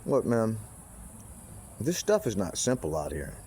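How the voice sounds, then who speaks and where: A man's voice: on the low side, huge pitch swings, a little slow, warm tone, slight background noise. A man in a rambling, casual monologue who swears freely, circles back on himself and restarts his sentences. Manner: profane, meandering, with frequent restarts and asides.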